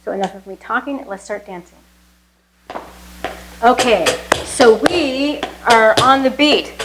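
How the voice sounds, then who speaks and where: Through heavy noise, a fairly high-pitched woman teaches flamenco footwork. Her relaxed, unhurried explanation is sprinkled with fillers before she counts the beats aloud.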